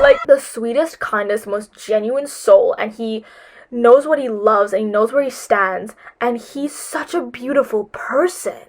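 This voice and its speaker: Speaking at a moderate pace in a slightly high voice, a teenage girl offers casual advice on her vlog. Her talk is gushing and rambling, packed with fillers, and she sounds emotional and near tears.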